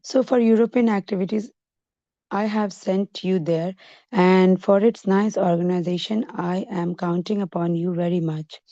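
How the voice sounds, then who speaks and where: A woman volunteer reading a letter aloud to a study group, steady and careful. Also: fairly low pitch, normal speed, no room sound. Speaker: volunteer reader. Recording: dull lo-fi dry recording.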